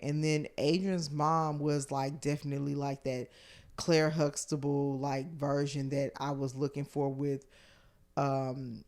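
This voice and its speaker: A woman comedian as a podcast guest, telling stories in casual chat, acting out quotes and swinging from hushed to loud, with lots of fillers. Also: low voice. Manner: animated storyteller who acts out quotes with big swings from hushed to loud; filler-heavy speech with many likes and restarts.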